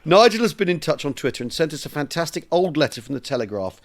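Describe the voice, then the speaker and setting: Brief: male co-host, lively swooping delivery, slightly higher voice, relishes reading aloud. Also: fast. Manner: animated, reads letters aloud with relish. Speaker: podcast co-host. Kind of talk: casual history podcast chat.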